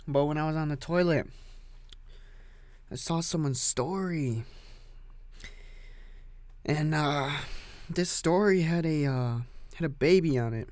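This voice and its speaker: A man hosting an unscripted solo podcast, rambling crudely and cursing, with loud sudden outbursts. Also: a little high, slow, pauses often, no room sound. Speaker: podcast host.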